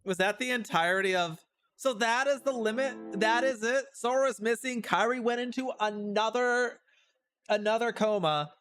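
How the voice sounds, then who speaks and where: A male streamer giving chatty, animated commentary on a game, with sudden outbursts. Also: extremely high pitch, moderate pace, soft background music. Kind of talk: casual let's-play commentary.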